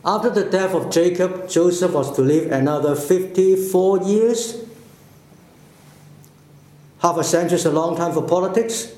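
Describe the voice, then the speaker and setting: A man preaching a sermon slowly and deliberately, with emphatic phrases that fall away at the ends. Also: high-pitched, a little mellow, roomy sound. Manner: slow, deliberate, with falling emphatic endings.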